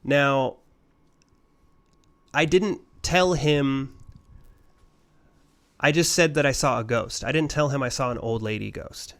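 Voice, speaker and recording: A man's voice: medium pitch, slow pace, long pauses, a bit bright. Profane man telling a rambling story. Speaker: podcast co-host. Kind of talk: casual podcast chat.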